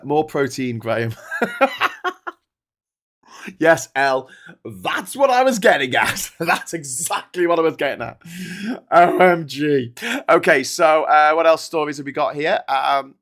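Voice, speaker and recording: A man's voice: a little high, fairly bright tone. A man hosting a casual live-stream, rambling through news and viewer comments, swearing and laughing often. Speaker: host.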